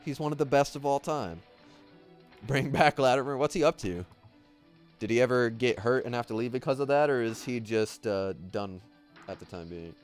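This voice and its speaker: A man hosting a livestream, chatting casually as he watches skate clips, rambling with many fillers and excited outbursts. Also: mid-range voice, normal speed, soft background music. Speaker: livestream host.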